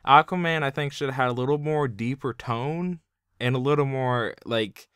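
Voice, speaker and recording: Rambling young man with a smooth voice. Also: medium pitch, moderate pace, a bit bright, no room sound, clean studio sound. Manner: rambling, fillers like "like" everywhere. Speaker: video reviewer. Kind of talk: casual opinion review.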